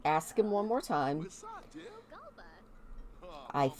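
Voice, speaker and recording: A woman's voice: low voice, expressive, drawn-out words, a little mellow. A woman giving casual let's-play commentary as she plays a life-simulation game, chatty and curious, often amused. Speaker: gaming video host.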